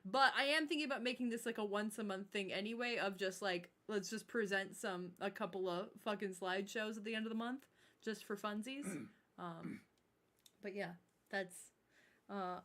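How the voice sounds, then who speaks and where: A woman's voice: mid-range voice, steady tone, normal speed, fairly bright tone. A woman hosting a livestream, chatting casually with her chat and a co-host, swearing now and then and laughing often.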